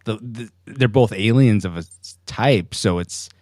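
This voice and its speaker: A man hosting a casual podcast chat, animated and laughing as he quizzes his co-hosts. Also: on the low side, measured pace, no room sound, studio quality. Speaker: podcast host.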